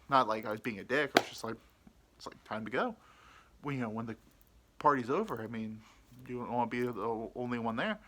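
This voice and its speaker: Crude rambling young man, bright voice. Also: medium pitch, a little fast, pauses often. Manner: rambling, crude and self-mocking, full of ums and uhs. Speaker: podcast host. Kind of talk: casual storytelling.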